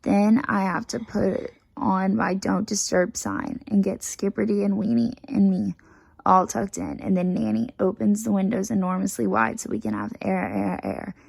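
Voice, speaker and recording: A woman reading a children's picture book aloud in a lively first-person storytelling manner, taking on a bossy child's chatter. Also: mid-range voice, normal speed, vocal fry, slightly rough, no echo, low-quality recording.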